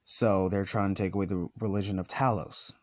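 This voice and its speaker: A man with a fairly low voice rambles through a fan story in loose, casual talk, leaning on "like" and "let's just say." He sometimes paces as he speaks. The recording is dry, with no room sound. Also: fairly even intonation, fairly quick, a little mellow, dry recording. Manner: talks while walking around, sometimes short of breath.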